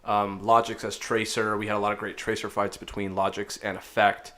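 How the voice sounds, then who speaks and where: A man hosting a casual esports chat, relaxed and chatty with lots of fillers. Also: fairly low pitch, fairly quick. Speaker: podcast host.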